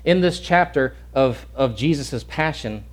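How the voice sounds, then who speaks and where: A man's voice: medium pitch, lively intonation, a little slow. A male pastor preaching a sermon in an earnest, emphatic way, often restarting and repeating words.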